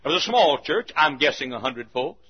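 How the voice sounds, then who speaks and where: A man preaching a sermon full of stories, swinging between shouted points and hushed asides, chuckling as he goes. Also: on the high side, expressive, moderate pace, breathy edge. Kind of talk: sermon with storytelling. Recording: dull lo-fi recording.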